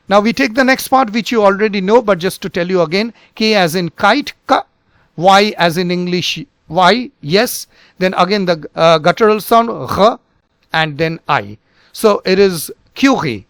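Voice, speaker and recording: A man with a high voice gives a pronunciation lesson, saying each word again and again. He talks with many fillers and restarts. The sound is dry and close. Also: fairly bright tone, dry recording. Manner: repeats words slowly, many fillers and restarts. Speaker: physics teacher and channel host.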